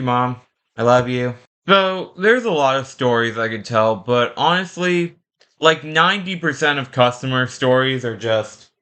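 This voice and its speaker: A young man spins comic stories about his job at a mid-range pitch. He is sarcastic and crude, with deadpan asides between the tales. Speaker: comedy storyteller. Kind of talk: comic storytelling with acted customer voices.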